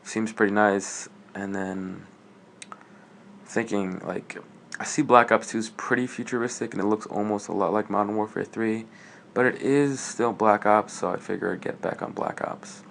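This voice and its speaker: A man's voice: on the low side, steady tone, normal speed, vocal fry, a bit bright, slight background noise. A teenage boy telling a rambling story in a casual gaming vlog, full of fillers, acting out both sides of a conversation. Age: teens. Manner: rambling, filler-heavy, acts out dialogue. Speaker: gaming YouTuber.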